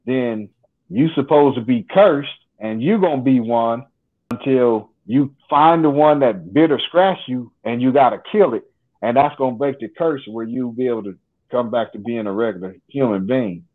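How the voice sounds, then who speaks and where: A man quoting a calm, laid-back woman who speaks in a patient, matter-of-fact way. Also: mid-range voice, normal speed, lightly acted. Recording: phone-like line.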